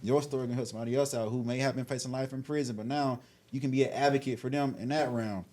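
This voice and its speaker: A man's voice: mid-range voice, steady tone, quick pace, darkish tone. An earnest male interviewer in a middle register who drifts into a preachy tone about faith. He talks in loose everyday slang and addresses his guests directly. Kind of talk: encouraging talk with faith references.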